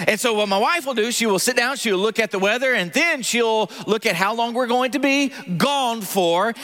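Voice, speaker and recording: A man with a Southern US accent preaching a sermon as pastor, calling out for the congregation to answer and joking about himself. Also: extremely high pitch. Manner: animated, calls out for congregation responses, jokes about himself.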